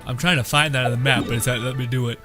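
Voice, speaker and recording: A man's voice: mid-range voice, steady tone, rapid-fire. A man streaming a video game, rambling in loose, profane commentary and laughing often. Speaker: gaming streamer. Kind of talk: let's-play commentary. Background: faint game music.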